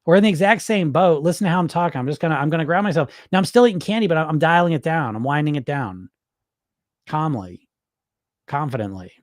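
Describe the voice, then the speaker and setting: Blunt, slightly high-voiced male coach. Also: fast, dry recording, studio quality. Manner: blunt, casual, swears, keeps asking "right?". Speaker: weight loss coach. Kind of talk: casual livestream Q&A.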